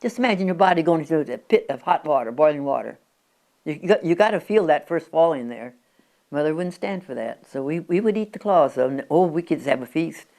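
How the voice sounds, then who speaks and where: Elderly woman in her nineties with a low voice, a rambling interviewee recalling the past. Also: animated, fairly quick, dark tone. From Oregon, USA. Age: 90s. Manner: chatty, with frequent restarts and stumbles. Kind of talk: rambling reminiscing. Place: at her country home.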